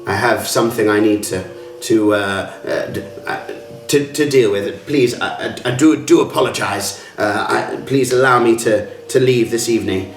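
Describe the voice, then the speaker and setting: A man's voice: lowish voice, normal speed, hardly any pauses, soft background music, close to an everyday voice. A man voicing a shaken male guest who stammers apologies. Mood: panicked. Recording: roomy, from a distance.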